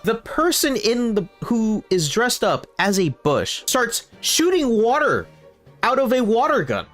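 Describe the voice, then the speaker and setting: A man telling a storytime vlog, expressive and animated, swearing and laughing as he goes. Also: very high-pitched, unhurried. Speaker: streamer and video creator. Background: faint background music.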